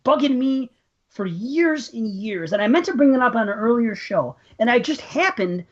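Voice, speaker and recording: A woman's voice: on the high side, big pitch swings, moderate pace. A woman co-hosting a podcast in casual chat, ranting in profane exasperation. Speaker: podcast co-host. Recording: dull lo-fi podcast audio.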